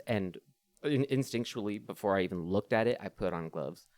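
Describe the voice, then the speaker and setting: A man co-hosting a podcast in casual chat, telling a story excitedly, with swearing and laughter. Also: lowish voice, brisk, no echo. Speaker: podcast co-host.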